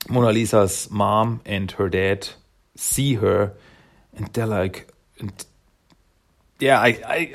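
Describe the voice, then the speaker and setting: A man's voice: fairly low pitch, vocal fry. A man recapping a comic book issue in casual speech, hesitant and emotional. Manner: hesitant, emotional, many fillers and restarts.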